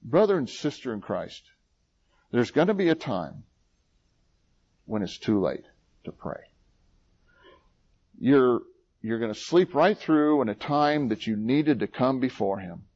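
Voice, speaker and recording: Dramatic preacher man, lively pitch. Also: unhurried, pauses often, husky, highs cut off. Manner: dramatic, swings between loud scripture reading and low quiet asides. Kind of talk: sermon.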